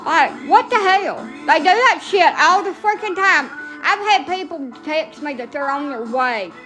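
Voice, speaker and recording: A woman's voice: very high voice, expressive, measured pace, pushed and bright, soft background music. A middle-aged woman from Alabama with a Southern accent, chatting casually in a blunt, salty, profane way and laughing at herself. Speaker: vlogger. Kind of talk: casual rambling chat.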